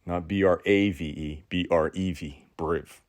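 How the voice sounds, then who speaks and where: A man with a very deep, low voice delivers a preachy motivational monologue, leaning into a sermon-like rhythm. He repeats his key phrases and leaves long dramatic pauses, often restarting mid-sentence with a stammer. The sound is close and dry, with no room around it. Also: fairly even intonation, clean tone, dry recording. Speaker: podcast host.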